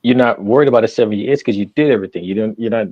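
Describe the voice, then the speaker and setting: Husky man from New Orleans. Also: fairly low pitch, rapid-fire, dry recording, dull audio. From New Orleans, USA. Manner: rambling, restarts often. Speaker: podcast co-host. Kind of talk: casual chat.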